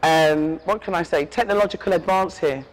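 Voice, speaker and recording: A woman's voice: on the low side, normal speed, low-quality recording. A woman from England giving heartfelt, emphatic interview answers and often checking in with "yeah?". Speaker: interview guest.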